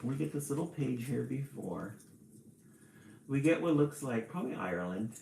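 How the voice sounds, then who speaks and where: A man reading a children's storybook on a live stream and chatting with viewers in a relaxed, chatty way. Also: mid-range voice, gravelly, echoey room, a little hiss or hum, rough recording. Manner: slow, relaxed, chatty with small laughs.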